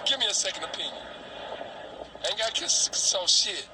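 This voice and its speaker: A man's voice: sits high, lively intonation, normal speed, background noise. A man ranting heatedly and profanely, heard as a recording played back from a phone.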